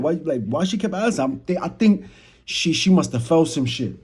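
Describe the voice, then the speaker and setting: A man's voice: on the high side, normal speed. Slangy young man with a New York accent. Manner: slangy, talks to chat, animated retelling. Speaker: storyteller vlogger. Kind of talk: casual storytime. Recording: noisy background.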